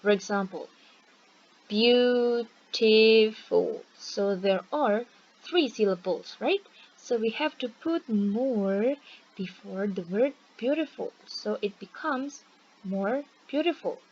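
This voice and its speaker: Slow, patient woman teaching grammar. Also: medium pitch, animated. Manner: patient, checks in with "okay?" and "right?". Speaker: English teacher. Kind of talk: online grammar lesson. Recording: dull lo-fi recording with faint hiss.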